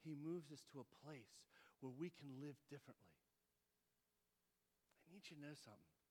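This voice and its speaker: A middle-aged male pastor preaching a sermon, telling family stories and mimicking his children in a high voice. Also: moderate pace, slightly rough. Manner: animated storyteller, mimics his kids in a high voice. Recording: long hall reverb.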